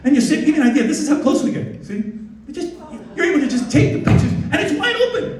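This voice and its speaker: Excitable high-voiced man in an echoey hall. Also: fast talker. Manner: excitable, animated, self-interrupting. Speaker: wildlife photographer giving a slide talk. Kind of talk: lively presentation to an audience. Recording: distant echoey hall recording.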